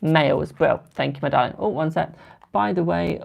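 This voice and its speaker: A British man reads tarot cards on a live stream, chatting with viewers and calling them "my darling." His voice is fairly high and creaky, at a normal speed.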